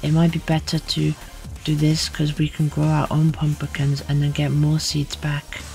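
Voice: medium pitch, completely flat delivery, moderate pace, vocal fry, a little mellow, faint music behind. A streamer giving casual gaming commentary in a playful way, often muttering whispered sound effects and repeating filler words.

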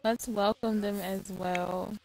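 A woman's voice: mid-range voice, steady tone, slow pace, darkish tone, slight background noise, poor audio. A woman hosting a let's-play, giving casual game commentary in an exasperated, chatty, profane way.

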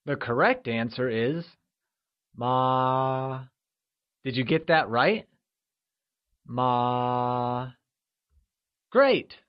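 A man narrating a scripted language lesson, upbeat and encouraging, drawing out modeled syllables slowly. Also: medium pitch, big pitch swings, dull audio. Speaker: language teacher.

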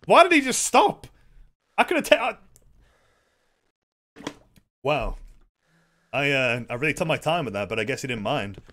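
A man's voice: mid-range voice, very animated, unhurried, long pauses, pushed and bright, a little hiss or hum. A man streaming a horror game, commenting casually with sarcastic, exasperated swearing.

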